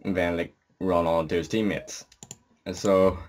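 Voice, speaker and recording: A young man just out of bed talks through his game in an extremely deep, groggy voice. He rambles and swears when something startles him. Steady background hiss and keyboard clicking fill his home microphone recording. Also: unhurried. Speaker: gameplay commentator. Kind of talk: casual gameplay commentary.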